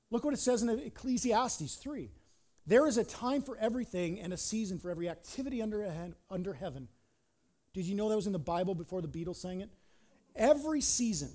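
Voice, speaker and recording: A middle-aged man preaching a sermon as pastor, animated and repetitive, swinging between loud and quiet delivery. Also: sits high.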